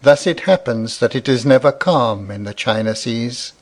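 A man narrating an audiobook in a measured reading voice. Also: medium pitch, animated. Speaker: volunteer audiobook reader.

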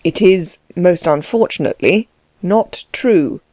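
A woman voicing a calm, unflappable gentleman who speaks in a cool, measured, ironic way. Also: on the low side, no echo, clean studio sound. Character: calm, dry-witted gentleman, kindly and unflappable. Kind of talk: audiobook character voice.

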